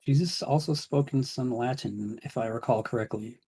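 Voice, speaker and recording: A man's voice: mid-range voice, moderate pace, mellow, slight background noise, rough recording. A man chatting casually as co-host, throwing in sarcastic, dry quips. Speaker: podcast co-host. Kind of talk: casual chat.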